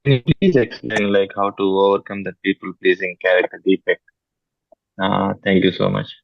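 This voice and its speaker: A man's voice: sits low, fairly even intonation, moderate pace, creaky, no room sound. Hesitant man on dull call audio. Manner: hesitant, many fillers. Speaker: meeting attendee asking a question. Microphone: video call.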